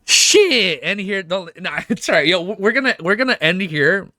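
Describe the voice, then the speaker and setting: A man streaming at home, reading a webnovel aloud and reacting with emotional, excitable outbursts full of swearing. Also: high voice, moderate pace, dry recording, studio quality. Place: at home with his dog.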